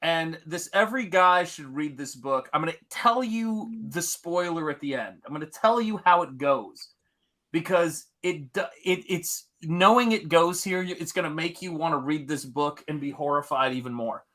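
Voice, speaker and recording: Male podcast co-host, high, bright voice, animated storyteller. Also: normal speed. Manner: animated storyteller, acts out quotes in a higher voice. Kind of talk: casual podcast chat.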